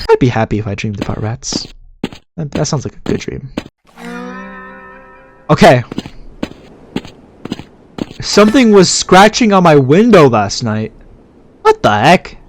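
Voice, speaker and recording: A man giving excitable let's-play commentary, yelping and shouting at scares and muttering quietly to himself in between. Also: mid-range voice, moderate pace, long pauses, background noise. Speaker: gamer.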